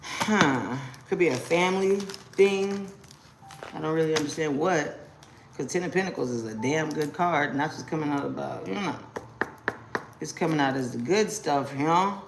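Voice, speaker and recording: A young adult woman giving a casual live-stream tarot reading, slangy and quick to exclaim. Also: deep voice, noisy background. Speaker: tarot reader.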